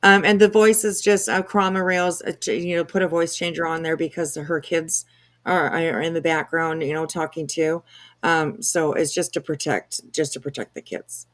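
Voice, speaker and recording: A woman's voice: low-pitched, steady tone, moderate pace. A woman hosting a casual commentary stream, chatty and swearing freely, with many fillers.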